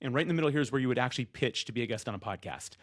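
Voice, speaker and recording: A man speaks straight to camera about how to be a good podcast guest. He talks loud and rapid-fire, slipping into quick impressions of guests and hosts. The sound is close and dry, with no room around it. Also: medium pitch, animated, dry recording. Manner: loud and fast, acts out quoted guests and hosts. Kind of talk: energetic direct-to-camera advice talk.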